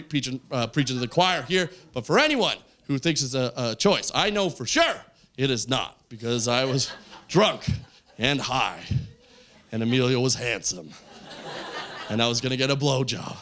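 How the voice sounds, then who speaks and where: Animated man doing stand-up. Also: medium pitch. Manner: animated, voices quoted friends, yells punchlines. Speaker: stand-up comedian. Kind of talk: stand-up storytelling. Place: comedy club stage. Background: audience laughter.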